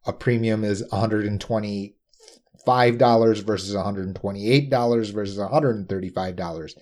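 Man, low voice, mellow tone, quick emphatic explainer, rhetorical asides. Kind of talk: explanatory talk.

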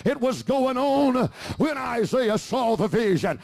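A middle-aged man preaching a fervent sermon, often rising to shouts. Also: very high-pitched, big pitch swings, slow, creaky, hardly any pauses. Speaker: pastor.

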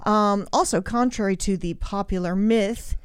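Southern woman co-host, chatty and wry, smooth clear voice, dry close recording. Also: mid-range voice, moderate pace, no echo. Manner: chatty, wry storytelling with small restarts. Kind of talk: casual chat.

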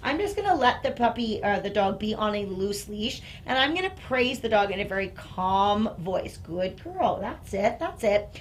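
A woman's voice: mid-range voice, expressive, normal speed, few pauses. A woman dog trainer demonstrating and explaining on a live stream, indoors on a training floor. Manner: explanatory, coaxing dog in soft praise. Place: indoor training room with carpet.

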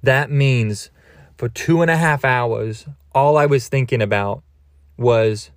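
A man's voice: mid-range voice, slow pace, no echo, clean studio sound. A man hosting a podcast, telling crude, goofy, rambling stories. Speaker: podcast host. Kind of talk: rambling comedic monologue.

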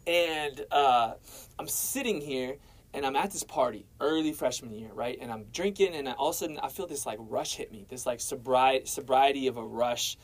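In a low-quality recording, a young man with a medium-pitched voice talks at a moderate pace as a guest. He shares his faith testimony casually, storytelling style, sprinkling in "man" and "bro".

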